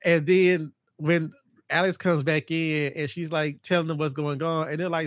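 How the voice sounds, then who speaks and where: A man hosting a casual podcast chat about horror films, excitable and jumping into high voices to act out scenes. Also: moderate pace, no room sound, clean studio sound. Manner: animated, acts out scenes in a high mocking voice. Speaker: podcast host.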